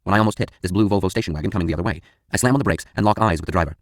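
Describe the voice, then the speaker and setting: A man narrating a first-person audiobook with a very low voice. He reads at a rapid, matter-of-fact clip. The booth sound is dry and close. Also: dry recording.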